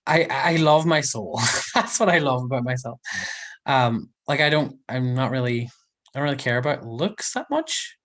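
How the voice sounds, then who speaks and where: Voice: medium pitch, brisk, a bit bright. Giggly chatty livestream host. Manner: chatty, giggly, rambling with many ums. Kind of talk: casual live chat reading viewer comments.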